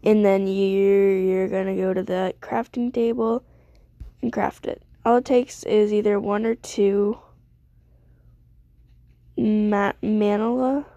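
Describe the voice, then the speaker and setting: A woman's voice: medium pitch, level tone, slow, pauses often, warm tone, no echo, lo-fi sound. A young woman streamer giving rambling, self-deprecating casual commentary while she plays a game.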